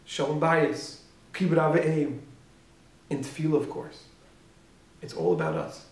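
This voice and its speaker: A man, a yeshiva rabbi giving a sermon, animated and full of rhetorical questions, swinging from loud to hushed. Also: on the high side, unhurried. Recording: echoey room, speaker far from mic.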